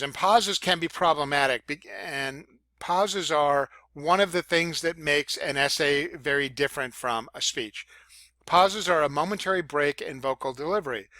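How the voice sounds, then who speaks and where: A man teaching public speaking in a casual lecture, with fillers and self-corrections, demonstrating loud, soft, high and low voices as he explains. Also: dry recording. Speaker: college speech instructor. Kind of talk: recorded lecture.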